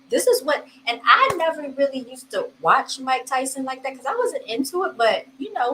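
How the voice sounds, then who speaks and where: A woman's voice: fairly high pitch, a bit bright, a little hiss or hum, rough recording. A woman hosting a casual commentary vlog, chatty and laughing, talking straight to her viewers. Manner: chatty, addresses viewers as y'all, laughs often. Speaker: host commenting on video clips.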